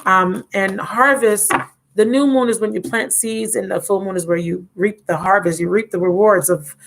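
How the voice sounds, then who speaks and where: A woman's voice: mid-range voice, steady tone, moderate pace, gravelly, fairly bright tone, a little hiss or hum. A woman in her thirties hosting a casual live-stream chat from home, rambling and talking straight to her viewers. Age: 30s. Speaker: tarot reader and channel host.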